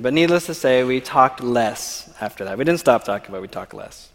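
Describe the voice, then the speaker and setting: At church, a man gives his personal testimony in a mid-range, expressive, brisk, creaky voice, frequently checking in with the audience by asking "okay?". The sanctuary's large hall adds a long reverb.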